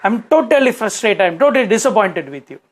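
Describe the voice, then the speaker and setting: A man's voice: high voice, very animated, fast, voice pushed up. A man voicing a strict father who scolds his daughter out of disappointment. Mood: scolding. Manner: stern, scolding.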